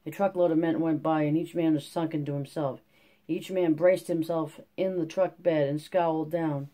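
Mellow-voiced audiobook narrator. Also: medium pitch, normal speed. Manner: steady reading with occasional slips and restarts. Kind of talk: audiobook reading.

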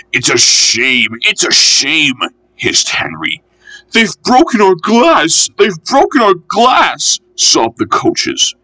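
A man reading a children's storybook aloud, gentle, unhurried and expressive. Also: medium pitch, breathy edge, rough recording.

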